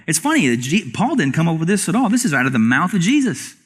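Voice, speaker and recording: Male pastor in a church, animated sermon delivery with lively pitch swings and direct questions to the room. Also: quick pace, few pauses, slightly rough. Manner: animated preaching with rhetorical questions. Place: church sanctuary.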